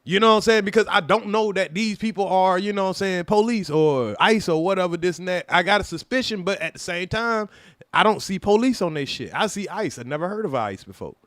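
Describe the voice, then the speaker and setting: A man casually telling a personal story on a livestream, animated and profane, loudly acting out what people said to him. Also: high voice, brisk, dry recording, clean studio sound. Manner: animated, profane, acts out quoted voices loudly.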